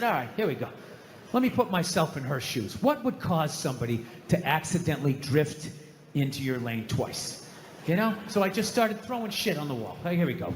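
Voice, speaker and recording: A man doing a stand-up routine, telling a story in animated, exasperated rants. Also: high voice. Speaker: stand-up comedian. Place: large venue with audience. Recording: echoey hall, faint crowd noise.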